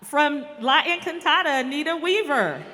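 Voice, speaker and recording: Woman, assembly announcer reading names slowly; high, bright voice, reverberant hall sound. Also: expressive, background noise. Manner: reads names slowly and calls winners up. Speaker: awards announcer. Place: large school hall or auditorium. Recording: reverberant hall, faint ambience.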